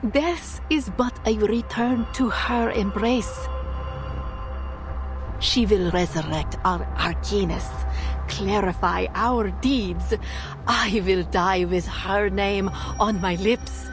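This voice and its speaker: A woman voicing a cold, fanatical female Ritualist officer who speaks with calm, chilling devotion in a game. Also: mid-range voice, slow pace, music in the background, natural voice. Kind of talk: game voice acting.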